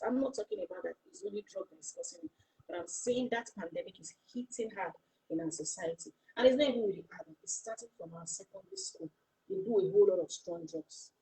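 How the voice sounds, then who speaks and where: A woman's voice: mid-range voice, mellow, a little hiss or hum, poor audio. A woman giving a passionate, preachy motivational talk as host, full of rhetorical questions.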